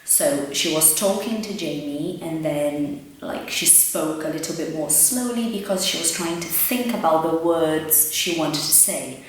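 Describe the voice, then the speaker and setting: A woman's voice: deep voice, unhurried, few pauses. A woman teaching English in a chatty, explanatory way, giving examples as she goes. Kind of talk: casual English lesson commentary. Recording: very echoey room.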